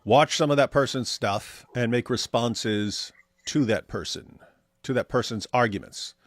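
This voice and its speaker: A man's voice: medium pitch, measured pace, dry recording. A man co-hosting a casual livestream, reading viewer chat aloud with sardonic humor. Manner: sardonic, mock voices for quoted viewers.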